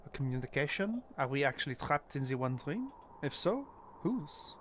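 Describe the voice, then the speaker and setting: A man's voice: fairly high pitch, big pitch swings, normal speed, fairly bright tone, slight background noise. A man voicing a formal, earnest French investigator with a put-on French accent, reading game dialogue. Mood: puzzled. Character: earnest male French investigator gathering data.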